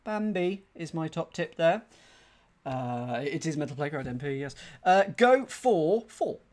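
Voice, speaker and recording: A man streaming a crossword solve, thinking aloud in a chatty, self-deprecating way and reading clues out slowly. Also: fairly high pitch, expressive, a little mellow. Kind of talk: casual thinking-aloud commentary.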